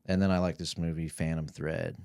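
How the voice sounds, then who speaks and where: A man's voice: a bass voice, fairly even intonation, fairly quick, darkish tone, clear, resonant tone, dry recording. A young man chatting casually as a podcast guest, rambling, swearing and laughing through his stories. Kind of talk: casual chat.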